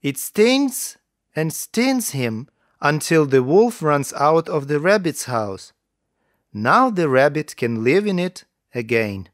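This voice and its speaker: A man narrating children's stories in a slow, careful way for English learners, with lively intonation. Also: on the high side, no echo, studio quality.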